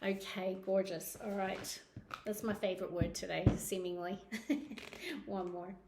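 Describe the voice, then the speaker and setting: A woman's voice: medium pitch, measured pace, noisy background. A woman with a Scottish accent giving a monthly tarot reading to camera, effusive and emotional, often checking in with "okay?". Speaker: tarot reader. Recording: roomy echo.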